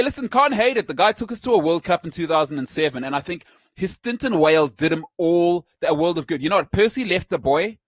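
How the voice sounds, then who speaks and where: A man hosting a sports talk show, teasing his co-host in a playful, animated way. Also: on the high side, no echo.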